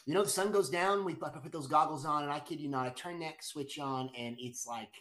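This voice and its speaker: A man's voice: a little high, fairly quick, fairly bright tone. A middle-aged man eagerly telling a personal story, with lots of restarts and repeated words. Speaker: guest storyteller. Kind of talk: animated storytelling.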